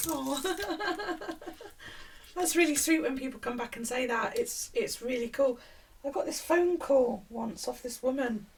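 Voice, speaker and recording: A middle-aged woman with a husky voice, chatting casually and telling stories while she knits, swearing now and then. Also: on the high side. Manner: chatty storyteller, swears casually, quotes others in a hushed voice. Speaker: knitting vlogger. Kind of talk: casual chat while knitting. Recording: voice a bit far from the mic.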